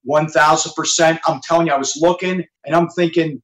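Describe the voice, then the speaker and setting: A man's voice: a little high, steady tone, fairly quick, a bit bright, roomy sound, rough recording. A man, a musician guest on a video call, telling stories with enthusiasm and repeating himself for emphasis. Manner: enthusiastic, storytelling, repeats phrases. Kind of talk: casual interview chat. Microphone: video call from his home studio.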